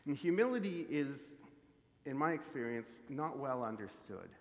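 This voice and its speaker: A man's voice: medium pitch, big pitch swings, normal speed, a little mellow. Prairie guy giving a sermon, chatty and thoughtful, lots of ums, long echo in a big hall. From Canadian prairies. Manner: conversational, reflective, with frequent fillers. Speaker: preacher. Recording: reverberant hall.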